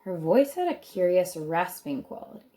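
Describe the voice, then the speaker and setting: Woman reading a storybook aloud, low voice. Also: big pitch swings, normal speed, mellow. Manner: chatty asides between read passages. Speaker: reader of a children's book. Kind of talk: reading a book aloud with casual asides.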